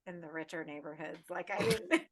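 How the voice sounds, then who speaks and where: A woman co-hosting a podcast in casual chat, animated and rambling, swearing freely, on a remote call. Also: on the low side, a little fast. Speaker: podcast co-host.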